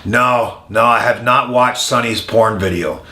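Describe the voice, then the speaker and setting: Frank, bright-voiced male interview guest. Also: mid-range voice. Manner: frank, many "uh" pauses, animated when telling anecdotes. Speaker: former wrestler, interview guest. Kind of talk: candid interview storytelling. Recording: echoey room.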